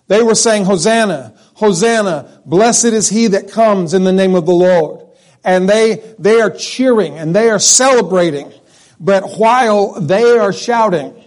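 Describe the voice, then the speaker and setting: This high-pitched pastor, whose tone runs somewhat dark, opens with prayer in the church sanctuary before moving into a conversational sermon. He often restarts phrases and poses questions to his congregation.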